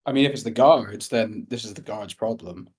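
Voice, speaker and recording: A man playing a tabletop game, planning tactics out loud in a casual way. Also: lowish voice, normal speed, breathy edge. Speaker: player.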